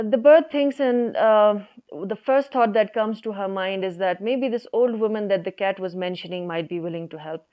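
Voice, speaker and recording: Smooth-voiced woman telling a folk tale. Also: mid-range voice. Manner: relaxed, conversational, many fillers. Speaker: storyteller. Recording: dull lo-fi recording.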